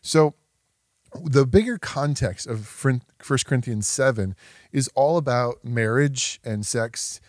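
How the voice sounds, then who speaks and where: A man in his thirties hosts a podcast in a relaxed, chatty way. He is animated and pokes fun at himself, laughing often. His voice is recorded dry and close, with no room around it. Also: mid-range voice, takes it slowly, dry recording. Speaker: podcast host. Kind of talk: casual podcast talk.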